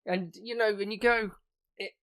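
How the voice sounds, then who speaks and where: A man's voice: high-pitched, steady tone, moderate pace, fairly bright tone. A man co-hosting a podcast in casual chat, bluntly tearing into a film with lots of swearing. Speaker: podcast co-host.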